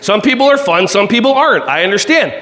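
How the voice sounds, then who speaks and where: A man's voice: sits high, animated, fast talker, fairly bright tone. A man giving a playful, jokey keynote talk to a live audience from a stage. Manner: playful, jokey, makes silly laser sound effects. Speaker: keynote speaker. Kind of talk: energetic motivational keynote. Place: conference hall with live audience.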